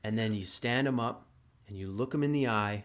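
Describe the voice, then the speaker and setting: A man hosting a podcast conversation, speaking reflectively and haltingly, often repeating words as he gathers his thoughts. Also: lowish voice. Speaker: podcast host. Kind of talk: casual conversation.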